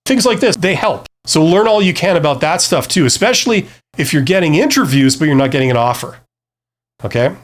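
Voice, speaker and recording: A man's voice: fairly high pitch, sing-song, a little fast. A man talking casually to camera with career advice, rambling and self-deprecating, full of fillers and restarts. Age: adult past his early twenties.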